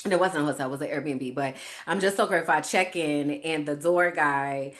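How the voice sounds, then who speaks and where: An American woman hosting a podcast, telling a personal story in a lively way, laughing often and acting out her own reactions. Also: deep voice, fairly quick. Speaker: podcast host.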